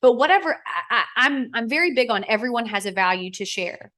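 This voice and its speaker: Fairly quick and on the high side, this guest speaks casually while telling stories. She's in her thirties and works in Arizona real estate, and she animatedly reenacts what people said, lifting her voice for the quotes.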